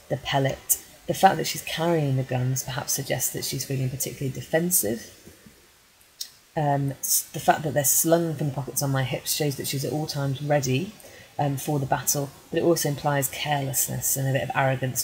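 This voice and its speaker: A woman English teacher reading a poem aloud and then analysing it line by line in a measured way, with frequent ums. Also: low voice, darkish tone, low-quality recording. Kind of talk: poetry analysis lesson.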